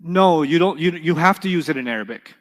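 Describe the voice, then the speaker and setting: A man teaching an Arabic grammar class, lively and animated, often checking with his students. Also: a little high, fairly quick, long reverb tail.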